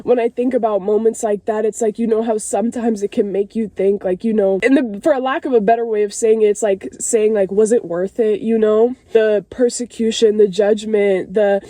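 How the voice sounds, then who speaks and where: A woman's voice: medium pitch, fairly even intonation, moderate pace, hardly any pauses, warm tone, dry recording. Tearful young woman talking in a car. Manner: rambling, tearful, with many fillers. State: crying at times. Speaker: vlogger. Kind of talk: candid faith vlog. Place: in a parked car.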